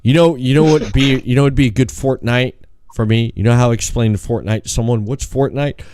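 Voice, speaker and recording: A man co-hosting a podcast, ranting in a profane, animated way and acting out quotes in a raised voice. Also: medium pitch, fairly quick, a little hiss or hum. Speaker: podcast co-host. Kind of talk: casual podcast chat.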